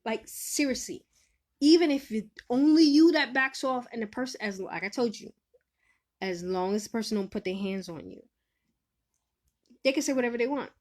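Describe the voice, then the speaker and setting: A woman with a fairly high, expressive voice hosts a casual livestream, giving advice and teasing viewers in the chat. She speaks at a moderate pace, pauses often, laughs a lot, and swings between loud and soft.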